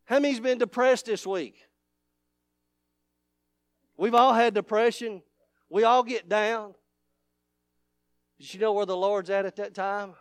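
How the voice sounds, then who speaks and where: High-voiced fervent preacher man. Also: steady tone, a little slow, pauses often, clean tone, no echo. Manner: swings from loud shouting to hushed, low intimate talk; fervent, repetitive preaching cadence. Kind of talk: revival sermon.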